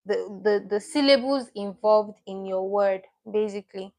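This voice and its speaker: A woman's voice: mid-range voice, moderate pace, darkish tone. A woman teaching a live online lesson in a chatty way, often repeating herself and correcting her own slips as she reads out viewers' names and comments.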